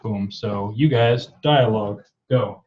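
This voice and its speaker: A man's voice: lowish voice, slow, far from the mic, dull audio, background noise. A man narrating a tabletop game as game master, casual and loose with fillers.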